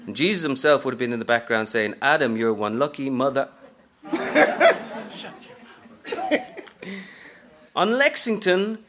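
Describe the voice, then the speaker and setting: A man's voice: mid-range voice, sing-song, moderate pace, heavy background noise, natural voice. A man reading aloud from a novel, narrating as a brash, streetwise aging woman hustler in a sassy first-person style. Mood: wisecracking.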